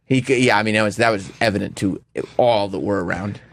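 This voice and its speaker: A man hosting a radio talk show, chatting casually in a deadpan, self-mocking way. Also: lowish voice, quick pace, dry recording. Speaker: radio host.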